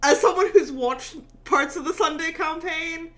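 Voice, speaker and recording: A woman's voice: very high voice, measured pace, fairly bright tone. A woman playing in a tabletop game, chatting casually with teasing humor. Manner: laughing, teasing. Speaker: player. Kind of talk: casual chat.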